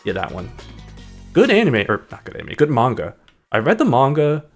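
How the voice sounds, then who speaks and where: A man's voice: mid-range voice, huge pitch swings, normal speed, faint music behind. A man streaming a game, chatting in a hyper, rambling way that jumps between topics. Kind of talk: casual gaming stream chat.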